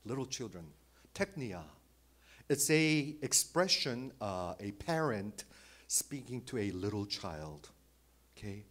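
A man preaching a sermon as pastor, shifting from loud emphasis to soft, hushed phrases, with small slips in his phrasing. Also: mid-range voice, expressive, unhurried. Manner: dynamic, swings between loud emphasis and hushed near-whisper.

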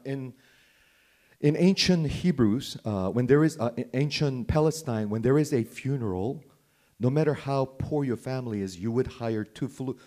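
During his sermon, a male pastor questions the listeners and moves between forceful emphasis and an almost-whisper. He has a warm, medium-pitched voice.

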